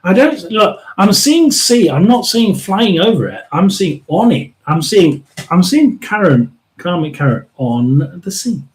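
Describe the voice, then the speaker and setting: Excitable, high-pitched, lively male medium. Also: measured pace, few pauses, rough recording. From England. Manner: musing and excitable, talks to spirits and viewers, laughs often. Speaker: psychic medium livestream host. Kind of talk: casual live tarot and spirit reading.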